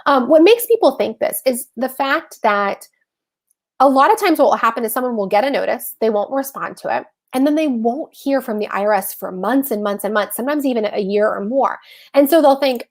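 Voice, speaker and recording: A woman with a slightly high voice and a gravelly, creaky texture, hosting a casual livestream explainer. She talks to her viewers in a chatty way, correcting herself as she goes and calling them y'all. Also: expressive, brisk. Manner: chatty and self-correcting, addresses the audience as y'all. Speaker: host of a live personal-finance session.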